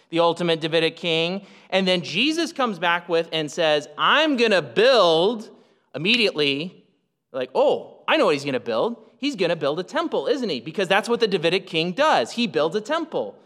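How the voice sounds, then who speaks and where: A man's voice: high-pitched, fairly bright tone, long reverb tail. A man preaching a sermon as pastor, emphatic and explanatory, often restarting his sentences.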